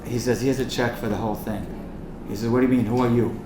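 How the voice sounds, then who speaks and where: A rabbi telling a story and then pleading passionately with the room at a fundraising event. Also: male voice, mid-range voice, steady tone, fast talker. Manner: impassioned, rising to urgent pleading. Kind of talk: storytelling speech and charity appeal. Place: event hall. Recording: echoey hall with faint noise.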